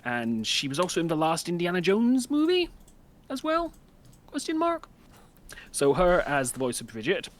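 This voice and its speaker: A man in a casual book club chat, pitching ideas with rambling enthusiasm. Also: wildly swooping pitch, normal speed, pauses often.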